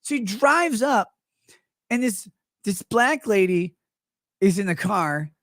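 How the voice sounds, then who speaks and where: A man's voice: high voice, animated, slow, fairly bright tone, no echo. Man, livestream host, casual mocking commentary, acts out quotes, dry close sound. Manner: sarcastic, mocking, acts out quoted people in put-on voices.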